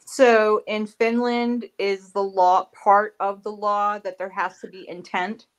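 A woman's voice: mid-range voice, takes it slowly, clean tone. A woman co-hosting a casual live-stream chat, lisping from her retainers and teasing. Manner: animated, teasing. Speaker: co-host.

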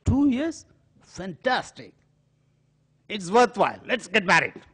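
A man's voice: medium pitch, sing-song, a little slow, a little mellow. Man putting on a playful older aunt, Indian accent, voice bounces up and down. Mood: delighted.

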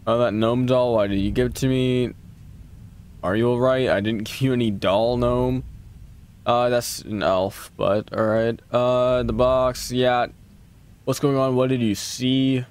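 This gaming streamer has a smooth, slightly mellow voice at medium pitch, with fairly even intonation and a measured pace. Playing a horror game, he jumps at scares, curses the game, and answers back to the screen in his let's play commentary.

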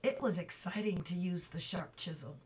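A woman reading a children's book aloud, slowly and carefully, with small slips she stops to correct. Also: on the low side, distant mic, slight background noise, poor audio. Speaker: reader.

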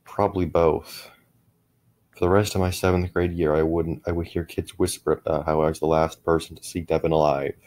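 Deep-voiced man narrating a horror story. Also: little pitch movement, darkish tone. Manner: measured, with frequent small restarts.

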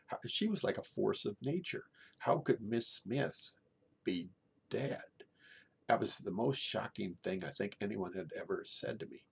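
A middle-aged man telling a true personal story in a halting way, often repeating and restarting his words. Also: sits low, creaky, breathy edge.

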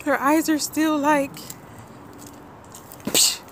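A woman's voice: fairly high pitch, slow pace, a little hiss or hum. A mother filming her child outdoors for a family vlog, teasing and talking playfully to her viewers. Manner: animated, teasing, talks to viewers. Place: outdoors near woods.

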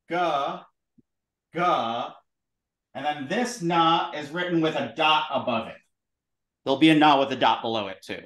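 A man teaching a lively classroom lesson, drilling sounds aloud with his students. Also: a little high, far from the mic. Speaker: Sanskrit teacher. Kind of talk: classroom lesson with call-and-response. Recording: roomy echo in a classroom.

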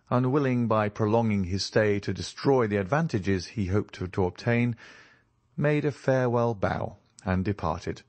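Slow, low-voiced male audiobook narrator. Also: darkish tone, no echo. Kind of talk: scripted narration.

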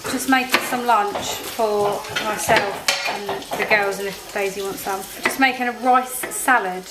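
A woman's voice: mid-range voice, steady tone, a little slow. A pregnant woman talking casually to the camera as a vlogger at home, chatty and candid. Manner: chatty and candid, talks to a toddler in between. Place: home, in a kitchen. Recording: echoey room with clear background noise.

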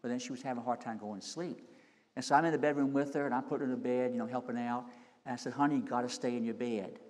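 Preaching pastor in a reverberant church. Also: male voice, medium pitch, steady tone, rapid-fire. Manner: storytelling, rising to loud preaching peaks. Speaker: senior pastor. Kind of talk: sermon. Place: church sanctuary. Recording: long hall reverb.

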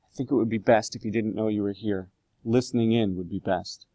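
A man's voice: lowish voice, steady tone, fairly quick, dark tone, no echo, close to an everyday voice, poor audio. A man reading aloud, voicing a worried, loyal middle-aged butler in a storybook. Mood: urgent. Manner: urgent, pleading, raised voice.

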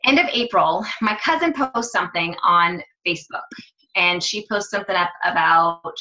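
Woman fitness coach, casual storyteller, animated, sharp tone, echoey room. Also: fairly low pitch, moderate pace, dull audio. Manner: chatty, animated, acts out quoted dialogue.

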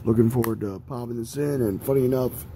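A young adult man with a mid-range voice talks quickly in a steady, warm tone, with slight background noise. He rambles through a casual vlog showing off his DVD collection, swearing often and poking fun at himself.

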